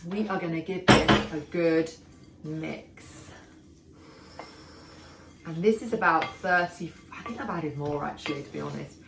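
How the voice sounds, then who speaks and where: A woman's voice: low-pitched, measured pace, creaky, long pauses, fairly bright tone, slight background noise. A middle-aged woman, chatting enthusiastically as she demonstrates a recipe in her home kitchen. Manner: chatty, enthusiastic, talks while working. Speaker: cooking show host. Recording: echoey kitchen, mic far off. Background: clattering dishes and pans.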